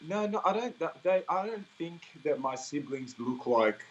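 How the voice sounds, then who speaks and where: Brief: young Australian man, relaxed interviewee, muffled lo-fi call audio. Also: a little high, normal speed, a little hiss or hum. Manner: easygoing, laughs often, rambling fillers. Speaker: interviewee, singer. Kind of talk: casual interview chat.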